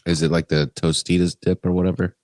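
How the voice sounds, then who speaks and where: A man's voice: low-pitched, little pitch movement, fast talker, a little mellow, no echo. A man co-hosting a casual live-stream chat, teasing and asking short questions.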